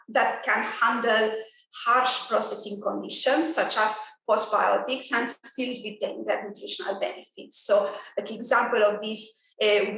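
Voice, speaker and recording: A woman speaking as an industry guest in a business interview, measured, with frequent fillers and restarts. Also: on the high side, pushed and bright, heavy reverb, far from the mic, a little hiss or hum, rough recording.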